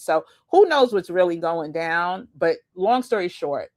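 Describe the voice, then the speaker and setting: A woman's voice: lowish voice, expressive, unhurried, hardly any pauses, a little mellow. A woman host giving casual, chatty commentary with slangy asides and laughs as she reacts to videos.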